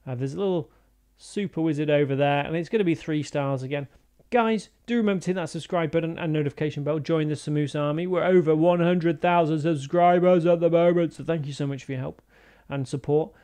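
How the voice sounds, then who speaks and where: A fairly high-voiced man talks through a strategy game attack in a relaxed, chatty way. He drifts into deadpan silly tangents and then comes back to the play-by-play. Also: brisk, clear, resonant tone. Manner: chatty, jokey, rambling asides. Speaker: gaming YouTuber. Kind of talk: casual gameplay commentary.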